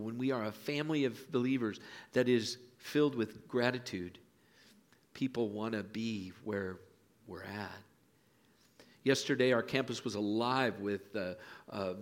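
A pastor preaching a sermon in a church, telling folksy stories and dropping to hushed lines for emphasis. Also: male voice, fairly low pitch. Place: church sanctuary.

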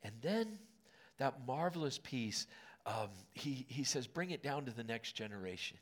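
A man in his late fifties delivers a sermon in an auditorium, talking to the congregation as if chatting with them. He asks them questions along the way and lets his voice go soft and gentle when he wants a word to land. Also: medium pitch, measured pace. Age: 50s. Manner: conversational, animated storytelling with asides to the congregation; drops to a soft, gentle tone on key words. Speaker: pastor.

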